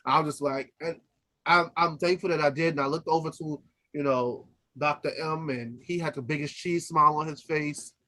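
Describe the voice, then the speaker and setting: A man's voice: fairly high pitch, fairly even intonation, normal speed, bright, forceful tone. A man who is an opera singer, co-hosting a podcast in casual chat, laughing easily and trailing off and restarting as he tells stories. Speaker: podcast co-host.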